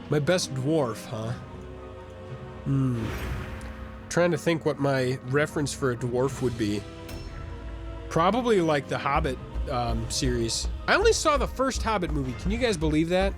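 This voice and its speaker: A man's voice: fairly high pitch, animated, normal speed, long pauses, soft background music. A man streaming a game live, chatting in a rambling way and reading viewer comments aloud.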